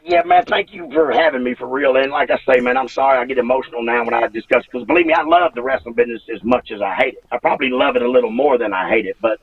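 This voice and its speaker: A man in his fifties, a retired wrestler giving an interview, talking in a halting, emotional way, repeating himself and swearing freely. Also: mid-range voice, husky, no room sound, distant mic, narrow, tinny audio. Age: 50s. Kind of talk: emotional interview over a call.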